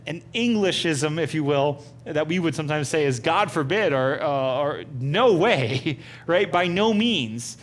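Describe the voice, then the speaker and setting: Man teaching Bible study, higher-pitched voice. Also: a little hiss or hum. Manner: asks the group many questions, conversational with fillers. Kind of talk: interactive Bible study lesson.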